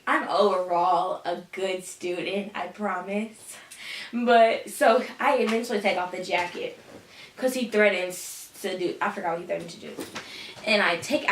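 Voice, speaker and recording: A woman's voice: medium pitch, fairly bright tone, recorded from a distance. A teenage girl telling a storytime vlog in a sassy, dramatic way, often calling people "honey". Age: teens. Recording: echoey room, voice a bit off-mic.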